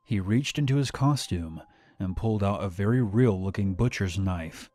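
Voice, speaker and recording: A man narrating a scripted horror story in a steady, measured way. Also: lowish voice, soft background music.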